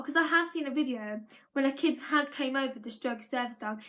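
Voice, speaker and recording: Bright high-voiced woman vlogging. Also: a little fast. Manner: rambling, with frequent restarts and "like". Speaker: live vlogger. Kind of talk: casual live-stream monologue.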